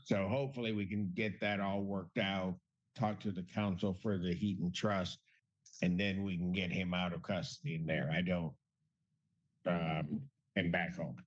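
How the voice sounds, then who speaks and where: Low-voiced male judge in court. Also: fairly even intonation, normal speed. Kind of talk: courtroom hearing. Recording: dull lo-fi courtroom audio.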